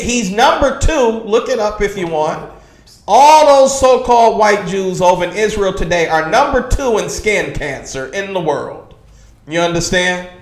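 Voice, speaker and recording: A man with a notably high voice leads a streamed religious class in a forceful preaching style. He drives each point home and keeps asking his listeners if they understand. His voice rings around an echoey room. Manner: emphatic, constantly asks "you understand?" and says "man". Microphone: livestream computer mic.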